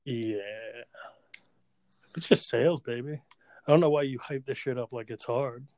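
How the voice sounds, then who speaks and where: A man with a gravelly, creaky voice at an ordinary pitch, trading crude and profane banter as a podcast co-host. The sound is dry and close, with no room around it. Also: moderate pace, a little mellow, dry recording. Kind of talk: casual chat.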